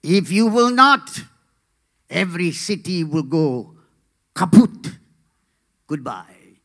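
A man voicing a menacing Russian movie villain who delivers slow, booming threats. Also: sing-song, fairly bright tone, heavily acted.

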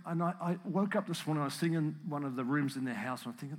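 A man preaching a sermon, earnest and emotional, at times close to tears, building up to animated emphasis. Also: a little high, fast. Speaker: pastor.

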